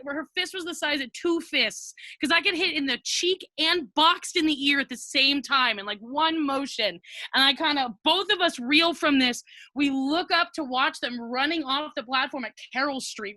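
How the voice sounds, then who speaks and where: A young woman telling a comic personal story on a video call, animated and self-mocking, acting out what people said. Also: high voice, no echo. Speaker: storyteller, guest.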